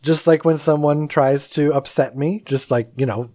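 A co-host in casual conversation, calm and measured, who laughs often and acts out quoted voices. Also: medium pitch, no room sound. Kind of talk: casual chat.

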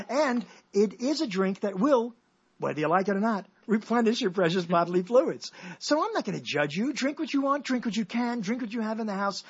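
Male radio host, husky voice, lively swooping delivery, playful riffing, lo-fi radio sound. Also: high-pitched, brisk. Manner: playful, riffing, mock-dramatic. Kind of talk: rambling comic radio talk. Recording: dull lo-fi radio recording.

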